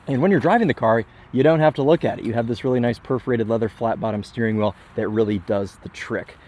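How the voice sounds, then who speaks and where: A young man from Michigan, a car reviewer, gives a casual, enthusiastic car walkaround, tossing in chatty, self-deprecating asides. He talks fast in a mid-range voice with a darkish tone.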